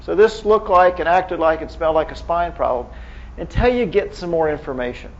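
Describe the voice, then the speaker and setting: A man's voice: on the high side, expressive, fairly quick, lo-fi sound. A man giving a conversational medical lecture as a neurohospitalist, quizzing the audience with frequent restarts.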